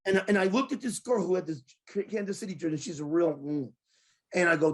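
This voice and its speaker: A middle-aged man co-hosting a sports talk show, telling excited stories and swinging from loud outbursts to low voices when quoting people. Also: brisk. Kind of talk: excited storytelling in casual sports chat.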